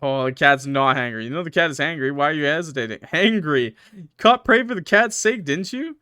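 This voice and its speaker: A man's voice: on the high side, animated, brisk, bright, forceful tone, clean tone, dry recording, clean studio sound. A young man playing a horror game, reading its text aloud with dramatic swings and joking asides. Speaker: gaming YouTuber.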